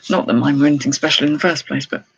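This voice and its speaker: A middle-aged woman talks rapid-fire in a low, gravelly voice with a breathy edge, and the audio has its highs cut off. As a jewellery reseller on a live haul stream, she unboxes and chats with viewers, exclaiming and thinking aloud.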